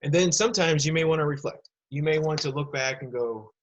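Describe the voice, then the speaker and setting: A man's voice: fairly high pitch, fairly quick, lo-fi sound, noisy background. A male teacher recording a remote lesson for students, explaining patiently and addressing the kids directly. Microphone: computer mic.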